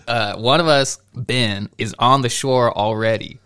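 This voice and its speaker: A man's voice: medium pitch, fairly even intonation, unhurried, fairly bright tone, smooth. A young man casually telling a long story on a podcast, rambling with restarts and breaking into laughter. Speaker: podcast co-host.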